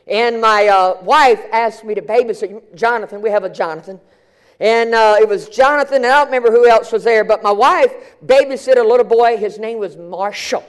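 A middle-aged male pastor telling a story in a sermon, animated and colloquial, often repeating and restarting his words. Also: high-pitched.

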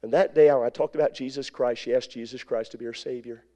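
A man's voice: mid-range voice, steady tone, quick pace, dark tone. A man, an evangelist, preaching by telling a folksy story in a rambling way, full of repetitions and asides. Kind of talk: storytelling sermon.

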